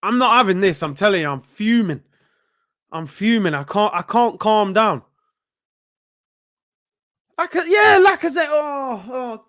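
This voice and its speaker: A young man hosting a live football watchalong, reacting excitedly and yelling at the players. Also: high voice, a little slow, pauses often. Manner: excitable, shouting at players, frequent outbursts. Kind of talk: live match reaction commentary.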